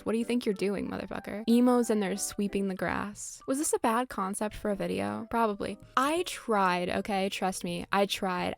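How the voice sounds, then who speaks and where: A woman's voice: mid-range voice, creaky. A woman giving casual, sarcastic, profane commentary over a video game. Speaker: gaming YouTuber. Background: faint game music.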